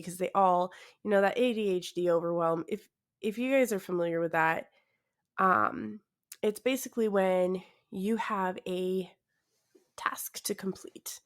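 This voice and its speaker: Tired, awkward woman podcast host. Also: medium pitch. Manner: awkward, self-deprecating, laughs often, many fillers. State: tired, yawning. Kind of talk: casual solo podcast chat.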